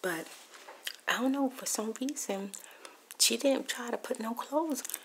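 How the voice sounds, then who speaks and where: A woman's voice: on the high side, unhurried, a little hiss or hum. A woman telling a rambling neighbor story in a whispered ASMR storytime while eating popcorn, close to the mic. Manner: rambling, gossipy, shifting between whisper and soft speech.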